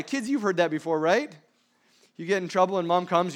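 A man preaching a sermon, emphatic, with frequent rhetorical questions, swinging between loud stresses and hushed asides. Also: high voice, fairly quick. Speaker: pastor.

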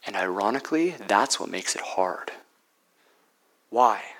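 A man preaching a sermon as pastor, swinging between loud emphatic peaks and hushed, near-whispered lines. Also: medium pitch, unhurried, a little hiss or hum, poor audio.

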